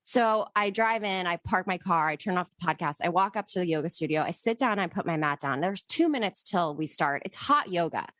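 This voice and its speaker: A woman's voice: fairly low pitch, lively intonation, fairly quick, few pauses, a bit bright, dry recording. A woman podcast co-host telling a personal story in casual chat, emotional and rambling, swearing freely.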